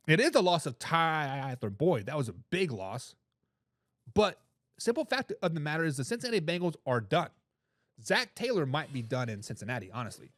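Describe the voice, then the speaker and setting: A man hosting a live sports talk show, giving loud opinions on football and reading out viewer comments. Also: a little high, no room sound, clean studio sound. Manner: animated, opinionated, reads chat comments aloud.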